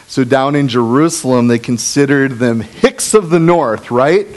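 A man's voice: medium pitch, unhurried, hardly any pauses. A male pastor preaching a casual, joking sermon, full of asides and fillers. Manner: animated, jokey, with asides and fillers.

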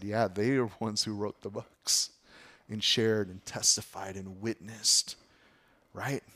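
A man's voice: fairly low pitch, a bit bright. A man preaching a casual, conversational sermon to his congregation, often asking them questions and laughing at himself. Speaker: pastor.

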